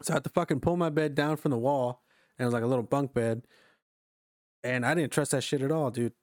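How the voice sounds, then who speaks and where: Young guy, casual chat, loose profane storytelling, dry room, mid pitch. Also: quick pace, darkish tone, dry recording. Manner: rambling, profane, filler-heavy storytelling. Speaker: storyteller among friends.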